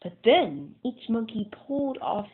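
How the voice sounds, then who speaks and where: A woman reading a children's picture book aloud with slow, deliberate pacing and dramatic pauses. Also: on the high side, sing-song, noisy background. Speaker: storyteller. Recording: tinny phone-like sound.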